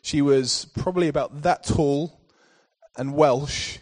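A man's voice: a little high, takes it slowly, a little mellow. A man preaching a sermon in church, telling a personal story before building to emphatic scripture readings.

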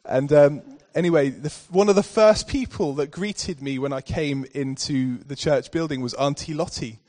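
A preacher with a somewhat high voice addresses his church at a moderate pace. His sermon begins with warm, personal storytelling and then climbs into forceful, emphatic readings from scripture.

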